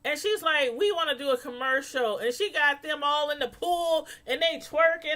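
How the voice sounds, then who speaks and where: High bright-voiced woman chatting to her viewers about a tv show, laughs a lot. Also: normal speed, hardly any pauses. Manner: chatty, laughs a lot, mimics people in quotes. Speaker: vlogger reviewing a reality show. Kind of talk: casual chat to viewers.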